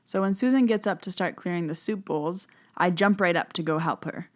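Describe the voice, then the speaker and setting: A woman with a fairly low speaking voice tells her own story as a medium. She talks in a loose, chatty podcast manner, full of "so" and "like", and she slips into a hush when she recalls whispered moments. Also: fairly quick. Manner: chatty, many "so" and "like" fillers, hushed when she retells whispered talk.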